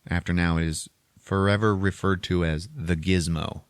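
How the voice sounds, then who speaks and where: Low-voiced man in his forties, casual podcast host, profane rambler, dry close sound. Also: steady tone, moderate pace, clean tone, no room sound. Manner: profane and rambling, lots of filler. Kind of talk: casual movie recap chat.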